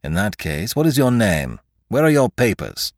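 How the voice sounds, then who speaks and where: A stern, suspicious examining magistrate from a classic audiobook, as a man puts him on. He questions bluntly and gruffly in a low voice that leaps up and down, recorded close and dry. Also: big pitch swings, moderate pace, dry recording. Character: stern middle-aged male examining magistrate.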